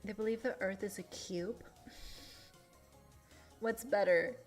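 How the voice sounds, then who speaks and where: A young adult woman streamer chatting casually, emotional and quick to laugh. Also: medium pitch, fairly even intonation. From Latin America. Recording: faint music behind.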